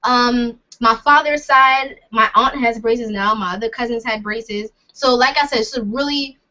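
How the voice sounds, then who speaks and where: A young woman talks loosely to her viewers in a chatty, rambling way, often poking fun at herself. Her voice sits a little high and rings bright. The recording is dull and lo-fi. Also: normal speed. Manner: chatty and rambling, self-deprecating, laughs often. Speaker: vlogger answering viewer comments. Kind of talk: casual live Q&A chat. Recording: dull lo-fi sound.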